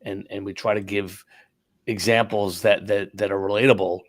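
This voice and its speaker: A man co-hosting a tech podcast, speaking haltingly and often repeating words as he explains. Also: on the low side, little pitch movement. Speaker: podcast co-host. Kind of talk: casual tech chat.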